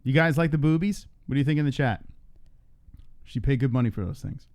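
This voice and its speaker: A man's voice: mid-range voice, fairly quick, a little mellow. A man co-hosting a live-stream news show, joking crudely and out of breath. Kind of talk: casual live-stream banter.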